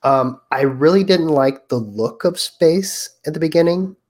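A man co-hosting a casual movie podcast, talking in a relaxed way and checking his notes. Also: on the high side, unhurried. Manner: relaxed, reads from notes with fillers. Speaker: podcast co-host. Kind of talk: casual chat.

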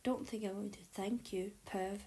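A woman reading aloud, voicing a proud, sullen teenage boy who speaks low and terse. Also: steady tone, normal speed, warm tone, natural voice.

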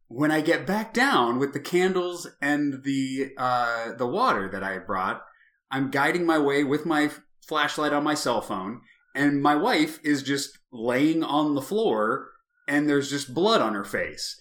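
A man in his thirties tells a story in casual chat, swearing freely and leaping into shouts as he replays the scene. His voice is bright and forceful, with a middling pitch. The sound is roomy and echoey. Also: moderate pace. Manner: animated, profane, swings to shouting in retold moments. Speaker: podcast co-host.

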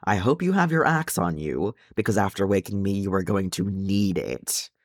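A man's voice: low-pitched, expressive, moderate pace, dry recording, clean studio sound. A man reading aloud and voicing a sleepy, grumpy young female dwarf who growls sarcastically.

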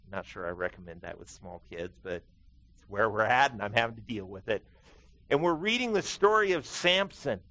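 A man's voice: slight background noise, poor audio. Middle-aged guy preaching, tells stories, acts out the quotes, voice jumps around a lot. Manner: animated storytelling preacher, acting out quotes with big pitch swings. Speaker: pastor. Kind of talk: sermon.

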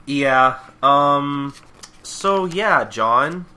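A male podcast co-host recapping a comic in casual chat, animated and often restarting. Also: fairly high pitch, drawn-out words.

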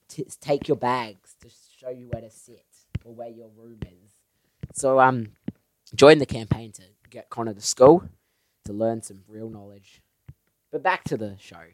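A young man with a medium-pitched voice co-hosts a casual podcast chat, recorded on a podcast microphone with no echo. He rambles through silly jokes and giggles often.

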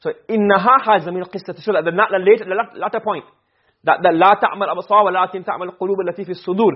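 A male teacher giving a classroom lecture on grammar, explaining and then checking understanding with quick questions. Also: sits high, steady tone, lo-fi sound.

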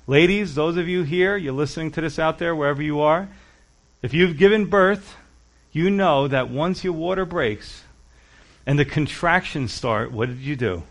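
A man's voice: fairly high pitch, normal speed. A male pastor preaching a sermon, earnest and urgent, speaking directly to his listeners.

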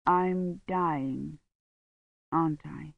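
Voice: medium pitch, fairly even intonation, extremely slow, creaky, dry recording, narrow, tinny audio. A reader voicing a feverish young man who murmurs weakly from a sickbed. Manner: faint, murmured.

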